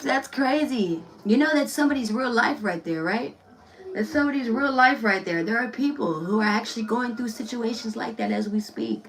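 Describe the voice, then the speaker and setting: A woman's voice: fairly high pitch, moderate pace, far from the mic, low-quality recording. Chatty, blunt woman reading tarot. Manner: loose, chatty and blunt, swears freely, laughs often. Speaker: tarot reader.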